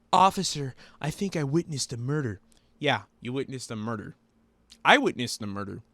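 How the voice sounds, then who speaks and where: A man's voice: mid-range voice, fairly bright tone, no room sound. A man hosting a commentary video, ranting bluntly and profanely. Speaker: commentary host.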